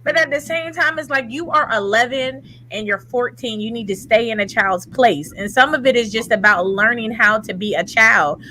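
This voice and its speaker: A woman's voice: a little high, normal speed, hardly any pauses, sharp tone, slight background noise. A woman hosting a casual group chat podcast, laid-back and easygoing, who says y'all and facts. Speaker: podcast host.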